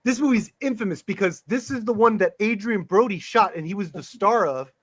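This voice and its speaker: Excitable man with a high voice. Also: a little fast, no echo. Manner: loud, excitable, swears freely. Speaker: podcast co-host. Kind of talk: casual chat.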